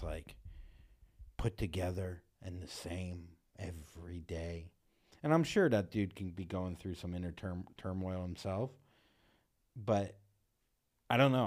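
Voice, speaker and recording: Low-voiced laid-back man chatting. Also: normal speed, darkish tone. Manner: laid-back, rambling, jokey. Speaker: podcast co-host. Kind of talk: casual chat.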